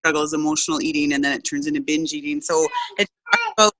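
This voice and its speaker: Woman, bright sharp voice, lowish pitch, open rambling chat. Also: level tone, quick pace, poor audio. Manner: open, rambling, self-searching. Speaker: group member. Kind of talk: casual group chat.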